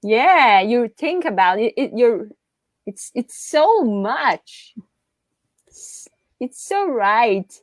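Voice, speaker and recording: A fairly high-pitched woman hosts an interview at a slow, unhurried pace, gushing with praise. Her voice is dry and close, with no room sound around it. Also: big pitch swings, no room sound. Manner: enthusiastic, searching for words, effusive praise. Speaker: podcast host. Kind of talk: interview podcast.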